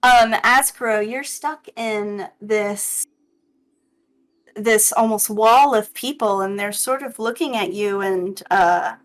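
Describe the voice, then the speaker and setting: A woman narrating as game master of a tabletop game, hesitant and full of pauses. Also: mid-range voice, rough recording. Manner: slow and hesitant, with many ums. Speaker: dungeon master.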